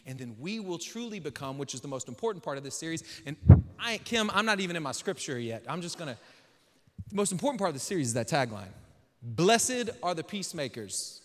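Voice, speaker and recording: High, bright-voiced man preaching in reverberant church. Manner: joking, slangy, builds to emphatic preaching. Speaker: pastor. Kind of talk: casual conversational sermon. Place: church sanctuary. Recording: long reverb of a large church hall.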